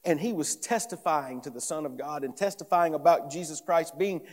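A man's voice: a little high, normal speed, darkish tone. A pastor preaching an earnest sermon, emphatic and often repeating phrases as he builds each point. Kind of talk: expository sermon. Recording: long reverb of a large hall.

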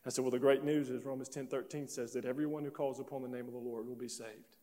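A man preaching a sermon, telling a story and acting out both sides of a conversation in an animated way. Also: medium pitch, quick pace. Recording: long reverb of a large hall.

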